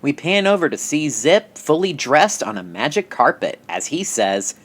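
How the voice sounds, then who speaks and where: A lively narrator retelling a comedy show scene by scene. The voice moves up and down a lot and jumps into bits of dialogue. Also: medium pitch, moderate pace. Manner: animated narration. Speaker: storyteller. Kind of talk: reading a story aloud.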